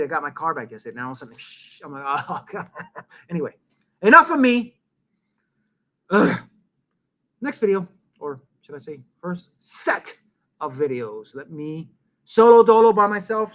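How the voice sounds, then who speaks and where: Middle-aged male host, casual live-stream rant, lively swooping pitch, profane and rambling. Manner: rambling, profane, jumps between loud bursts and muttering.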